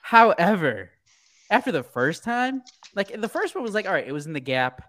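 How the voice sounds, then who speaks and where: A podcast co-host in casual sports chat, lively, acting out what players might say. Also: normal speed. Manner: animated, acts out players with high put-on voices.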